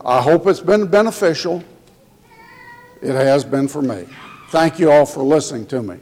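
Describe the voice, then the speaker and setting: A man preaching a sermon in a church, speaking slowly and getting emotional as he tells the congregation he loves them. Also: fairly high pitch, animated, darkish tone. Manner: slow, emotional, tender preaching. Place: church sanctuary. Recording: long hall reverb.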